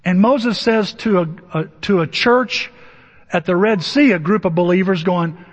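High husky guy preaching, jokey and chatty, dull sound bouncing round a big church hall. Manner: conversational and humorous, acting out Bible figures in quick asides. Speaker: pastor. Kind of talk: sermon. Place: church sanctuary.

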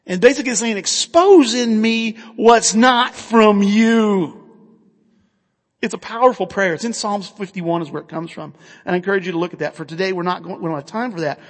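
A male pastor with a high voice preaches a sermon in an earnest, conversational way, putting questions to his listeners along the way. A long reverb makes his voice ring out as though filling a large hall.

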